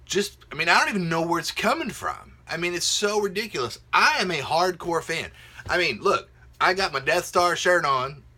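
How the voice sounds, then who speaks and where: A middle-aged man talks straight to camera from his home office, his voice bright and forceful with a fairly high pitch. He rants casually and swings his pitch widely, sometimes jumping up into squeaky mocking voices. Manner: animated, mocks others in high squeaky voices. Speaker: video blogger. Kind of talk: casual ranting vlog.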